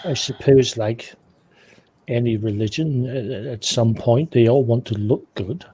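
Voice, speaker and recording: A man playing a tabletop game in character as a reserved British gentleman, stammering and flustered. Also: medium pitch, unhurried, slight background noise. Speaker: player. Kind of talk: in-character roleplay.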